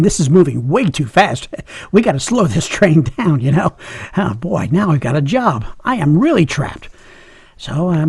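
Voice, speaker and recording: A middle-aged man tells a personal story in a gravelly, husky voice, chuckling and poking fun at himself. He sounds a little higher than most men, close and dry. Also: a little mellow, no echo. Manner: humorous, chuckling, self-mocking.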